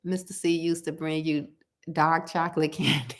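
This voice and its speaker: A woman's voice: sits low, level tone, moderate pace. A woman chatting casually and emphatically to her viewers about food. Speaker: cooking vlogger.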